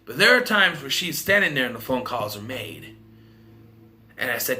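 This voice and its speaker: A man's voice: medium pitch, sing-song, moderate pace, bright, forceful tone. A man giving a casual spoken film review, rambling and repeating himself.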